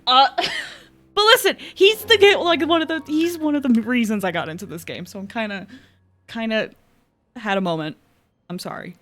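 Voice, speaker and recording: A woman streaming a video game live, excitable and giggly, squealing and chatting to her viewers. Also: sits high, moderate pace. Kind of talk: live gaming commentary. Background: game music.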